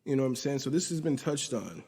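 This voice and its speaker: Male podcast host, mid-pitched, rambling and profane episode recap, low-quality audio with a long echo. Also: animated, fast talker, a little mellow, slightly rough. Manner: rambling, profane, retells scenes by quoting characters.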